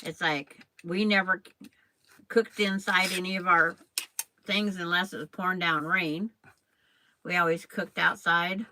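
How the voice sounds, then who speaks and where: Older woman, quilting host; slow, rambling, chatty patter with a bright, lowish voice. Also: steady tone, slight background noise, rough recording. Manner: rambling, chatty, addresses viewers by name. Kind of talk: casual chat while sewing on a live stream.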